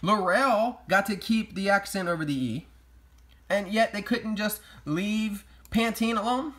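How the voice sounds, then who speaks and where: A man's voice: high voice, measured pace, fairly bright tone. A man delivering sarcastic, mock-outraged comedic commentary as a vlogger. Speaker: YouTube vlogger.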